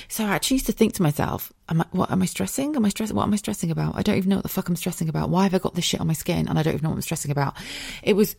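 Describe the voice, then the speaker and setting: A woman's voice: low-pitched, darkish tone. A woman with an English accent, a podcast host telling a candid personal story in a giddy, sweary, self-mocking way.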